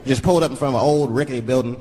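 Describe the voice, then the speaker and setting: A man's voice: mid-range voice, very fast. A man from Washington, D.C. doing stand-up comedy, telling stories with many put-on voices, recorded live at a show. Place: comedy stage before a large audience. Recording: live show with loud crowd laughter.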